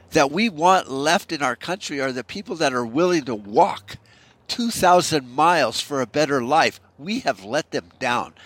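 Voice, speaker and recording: A man's voice: medium pitch, a bit bright. Male podcast host, mid-range voice, furious profane rant with stammering restarts. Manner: angry, profane ranting with repeated stammering restarts.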